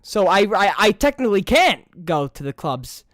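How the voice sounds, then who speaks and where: A man's voice: high voice, very animated, moderate pace, a bit bright, no room sound. Young male podcast host, New York accent, stammering, crude, dry close sound. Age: young adult. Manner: crude, rambling, stammering repeats. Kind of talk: casual chat.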